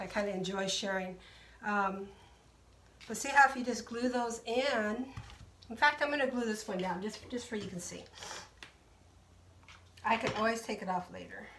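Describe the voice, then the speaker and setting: A woman's voice: a little high, a bit bright, reverberant, far from the mic. A woman hosting a live craft tutorial, talking viewers through each step in a chatty way and greeting them by name. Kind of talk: casual live craft demonstration.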